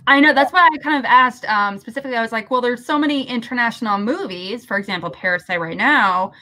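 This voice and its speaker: A chatty woman hosting a live stream, her voice sitting a bit high and sounding bright and forceful. She laughs easily and drops the odd casual swear. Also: quick pace, rough recording. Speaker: host.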